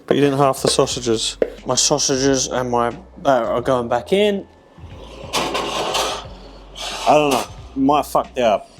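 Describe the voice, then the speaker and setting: A man's voice: mid-range voice, background noise. A man, chatting casually in a cooking vlog, sweary, rambling and self-mocking in a home kitchen. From England. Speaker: pro fighter cooking on his channel.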